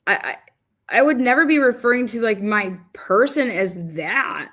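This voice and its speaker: A woman's voice: medium pitch, lively intonation, moderate pace, fairly bright tone. A woman giving casual true crime commentary, chatty and incredulous as she replays a clip.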